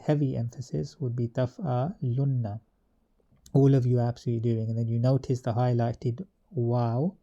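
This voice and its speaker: A man teaches grammar in a patient, methodical way, repeating each point as he goes through the table. His voice is deeply dark and mellow at a middle pitch. The recording is dull and lo-fi. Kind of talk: explaining a grammar table, with fillers and restarts.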